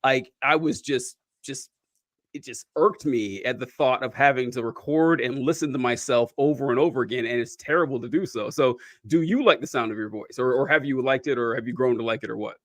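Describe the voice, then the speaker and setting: Guy hosting a podcast, mid pitched, lively chatty, dry close sound. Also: no echo. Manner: animated, chuckling, quick asides. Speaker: podcast host. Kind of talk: casual podcast conversation.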